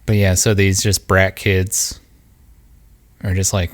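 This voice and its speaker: Deep-voiced man host, halting delivery. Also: level tone. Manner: halting, many ums and uhs. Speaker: podcast host. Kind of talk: casual chat.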